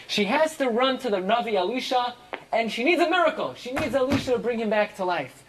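Torah class teacher, reads Hebrew lines then English, mid-pitched, dramatic, emphatic rises. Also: lively intonation, a little fast, background noise. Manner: reads Hebrew phrases and translates each into English; dramatic, swings sharply up for emphasis. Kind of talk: verse-by-verse Bible class.

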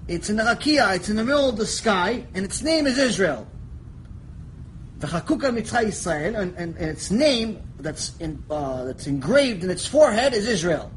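A man teaching a Torah lecture, animated storytelling that jumps between quiet asides and shouted lines, joking with his listeners. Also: high-pitched, moderate pace, a little hiss or hum, rough recording. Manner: animated storytelling, acts out voices, jokes, shouts for emphasis. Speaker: rabbi teaching a lecture series.

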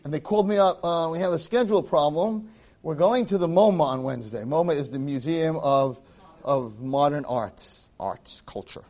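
Male rabbi, animated lecturer, raised pitch that rises and falls widely, acts out quotes as he teaches. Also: normal speed. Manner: mixes Hebrew phrases into English. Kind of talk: Torah class, lively storytelling.

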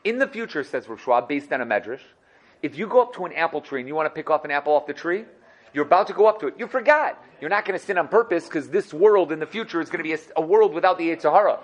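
A man teaching a lively Torah lesson, animated and acting out little scenes. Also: on the high side, quick pace. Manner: animated, acts out dialogue.

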